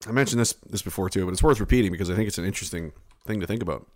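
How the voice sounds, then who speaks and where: A man's voice: low-pitched, racing. A man ranting in a rambling, sarcastic comedy monologue, swearing often. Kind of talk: profane comedic rant.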